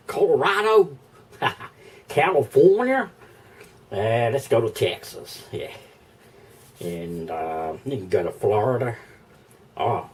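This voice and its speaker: A man's voice: medium pitch, darkish tone, distant mic, slight background noise. An Australian man chatting casually in a vlog, rambling, thinking aloud and chuckling often, recorded indoors. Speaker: vlogger. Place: indoor room.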